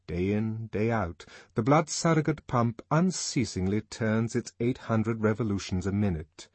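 Husky, expressive male narrator. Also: fairly low pitch, no echo. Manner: measured, expressive reading. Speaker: audiobook narrator. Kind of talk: scripted narration.

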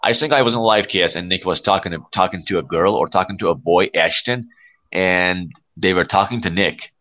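A young man from Iran hosting a casual live stream chat, friendly and relaxed, calling his guest pal. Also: low-pitched, a little fast, muffled recording. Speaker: livestream host.

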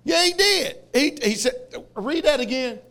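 A man preaching a fiery sermon, shouting and laughing as he tells stories. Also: very high-pitched, unhurried. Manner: loud, shouting, laughing, animated storytelling.

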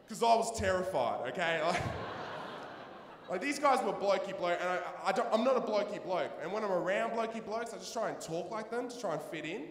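A man's voice: sits high, lively intonation, a little fast, slight background noise. Slangy man doing stand-up. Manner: loose, rambling, slangy. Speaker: stand-up comedian. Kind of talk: stand-up routine. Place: large theatre stage. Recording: echoey hall, live stage.

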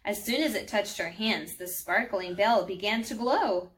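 A woman reading a children's storybook aloud in a gentle, friendly way, speaking to young listeners. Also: medium pitch, unhurried. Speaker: children's book reader.

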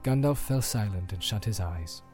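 Männlicher Hörbuch-Erzähler mit Filmmusik. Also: male voice, fairly low pitch, expressive, moderate pace, darkish tone. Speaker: audiobook narrator. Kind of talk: scripted narration. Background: film score music.

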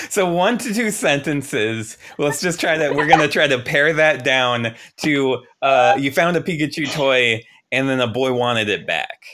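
A man hosting a casual podcast chat, laughing often and getting excited, then slowing into a guided visualization. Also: medium pitch. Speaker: podcast host.

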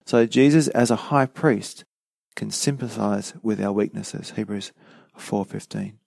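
Low gravelly man preaching. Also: measured pace, a little mellow, no echo. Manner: conversational teaching with frequent fillers. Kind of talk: sermon.

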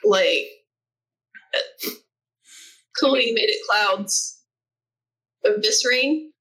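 Female player, bright tone, quick and joking. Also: medium pitch, low-quality recording. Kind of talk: casual tabletop play.

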